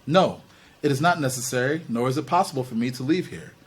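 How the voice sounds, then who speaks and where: A man voicing a calm, sinister alien ruler who speaks in a cold, condescending way. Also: mid-range voice, quick pace, husky, natural voice. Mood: flat.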